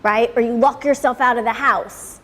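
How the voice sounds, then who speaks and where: At a moderate pace, a woman with a fairly high, steady, fairly bright voice leads a motivational class for a live audience in a salon room that sounds like a large hall. She keeps it casual, blunt and profane, constantly checking in with "right?"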